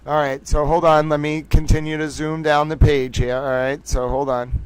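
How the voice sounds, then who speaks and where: A man with a hard Boston accent hosts a live stream, speaking to his audience in a showy, theatrical way. His voice sits a little high and comes through smooth and clear. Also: flat delivery, normal speed. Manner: theatrical, repeats catchphrases, addresses viewers directly. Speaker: livestream host.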